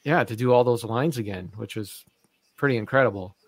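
A man's voice: medium pitch, brisk, no echo. Easygoing man in a dry, close recording. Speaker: podcast co-host. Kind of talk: casual chat.

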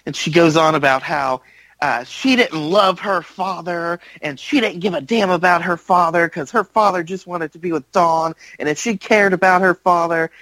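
A man co-hosting a podcast, telling a wrestling recap in a lively, animated way and acting out the lines. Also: high voice, dry recording, low-quality recording. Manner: animated storyteller, acts out quotes. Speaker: podcast co-host. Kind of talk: casual chat recapping wrestling.

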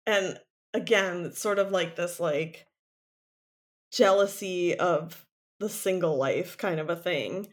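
A woman's voice: lowish voice, slow pace. A woman co-hosting a podcast, casually recapping a TV episode with lots of "like" fillers and laughs. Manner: animated storytelling, many "like" fillers, frequent laughs. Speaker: podcast co-host.

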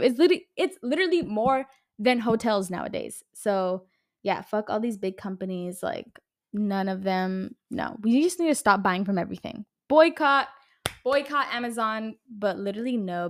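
A woman in her twenties, a podcast host, ranting heatedly in casual talk, swearing and using a lot of fillers. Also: mid-range voice. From California. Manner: heated, profane, uses lots of fillers. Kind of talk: casual solo podcast rant.

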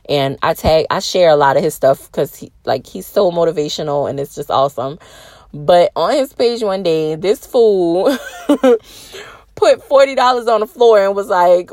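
A young adult woman hosting a casual podcast alone, ranting bluntly with swearing and an animated, lively delivery. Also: lowish voice, no echo. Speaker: podcast host. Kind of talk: casual solo podcast talk.

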